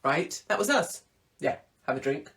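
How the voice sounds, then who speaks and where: A woman hosting a casual live-stream chat, irreverent and theatrical, breaking into sudden high exclamations. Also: big pitch swings, moderate pace, a bit bright. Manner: swings into big high exclamations. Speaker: host.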